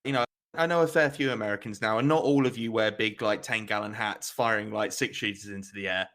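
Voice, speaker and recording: A man's voice: lowish voice, quick pace, fairly bright tone. A man co-hosting a casual comedic news podcast, playful and teasing with ironic asides. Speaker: podcast co-host.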